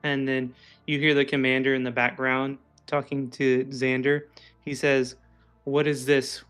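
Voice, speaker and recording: A man's voice: medium pitch, little pitch movement, normal speed, fairly bright tone, smooth, faint music behind. A man narrating as game master in a tabletop game stream, casual and descriptive. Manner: casual, descriptive, laughs often.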